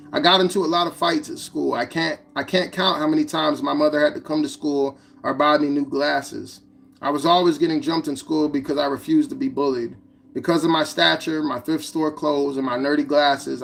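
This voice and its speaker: A man narrating his own memoir as an audiobook, in a plain, steady reading. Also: on the high side, vocal fry. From United States.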